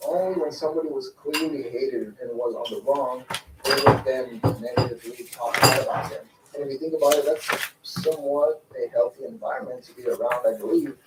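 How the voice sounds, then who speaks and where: A man narrates a commentary video, hammering home his points by repeating phrases. His voice sits at an ordinary pitch. It comes from a distance in a roomy space, with clear noise underneath. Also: a little fast. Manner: emphatic, repeats phrases for stress.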